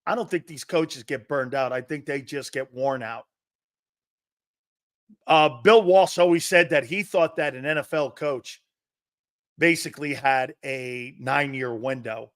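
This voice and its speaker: A man's voice: on the high side, no echo, studio quality. Blunt, brash male sports talk host. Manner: blunt, combative, swears freely, mocks soft opinions. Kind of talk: opinionated sports talk, reading chat.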